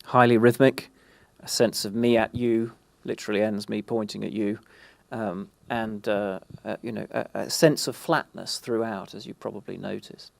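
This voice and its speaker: A man presenting at an industry event in a gravelly mid-pitched voice, recorded dry and close. He pauses and restarts often as he walks through his points. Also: fairly even intonation, dry recording. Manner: halting, many fillers and restarts. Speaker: conference speaker. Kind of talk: presentation talk.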